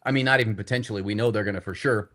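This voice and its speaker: A man's voice: on the low side, racing, a bit bright. A man on a casual panel talk, agreeable and reflective, often restarting his sentences.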